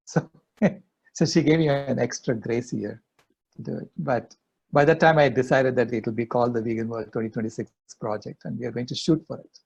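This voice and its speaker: A man's voice: medium pitch, steady tone, brisk, vocal fry, a little mellow, slightly rough. An older man, a guest in an interview, earnestly telling a personal story. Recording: dull lo-fi audio.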